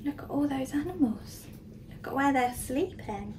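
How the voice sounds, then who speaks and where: Expressive nursery teacher, high swooping voice, unhurried storytime pace; distant mic with faint hiss. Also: female voice. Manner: expressive, questioning the children. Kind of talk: storybook read-aloud for young children.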